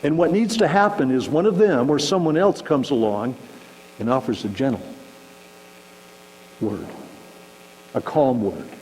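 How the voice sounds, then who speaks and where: A man delivers a relaxed, conversational sermon, now and then acting out little scenes to make his point. His voice rings with a long hall reverb, and a faint electrical hum sits underneath. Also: on the high side, moderate pace, long pauses. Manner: conversational, animated, acts out shouting examples. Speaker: pastor. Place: church sanctuary.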